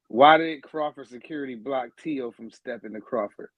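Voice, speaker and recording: A man hosts a casual sports podcast in a relaxed, chatty way, often laughing and leaning on "you know." His audio sounds dull and lo-fi, with a dry, close feel. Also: medium pitch, measured pace, no room sound. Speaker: podcast host.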